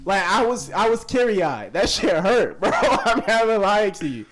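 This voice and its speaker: A man's voice: high-pitched, big pitch swings, moderate pace, music in the background. A young man in his twenties, co-hosting a podcast, telling a story in casual, profane slang and laughing often. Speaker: podcast co-host.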